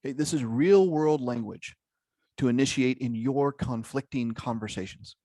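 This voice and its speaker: Guy running a zoom workshop, middle pitch, keeps asking okay? right?, dry close sound. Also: moderate pace, dark tone, dry recording. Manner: engaging, peppers talk with "okay?" and "right?". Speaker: workshop leader. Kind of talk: interactive online workshop.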